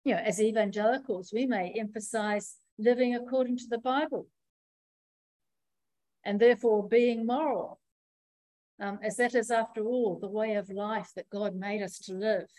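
A woman preacher giving a sermon in a measured, reflective teaching manner, pausing often as she explains. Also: mid-range voice, fairly even intonation, a little mellow, no room sound, poor audio.

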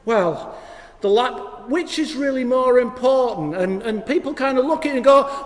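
A man preaching as a vicar, with wry storytelling and sudden drops to hushed emphasis. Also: extremely high pitch, sing-song, normal speed. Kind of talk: sermon. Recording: long hall reverb.

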